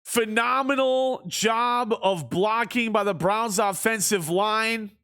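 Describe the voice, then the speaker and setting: A young man streaming a football video game, calling the plays like a sports commentator and shouting on big plays. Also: high-pitched, slow pace, clean tone. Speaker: streamer doing play-by-play.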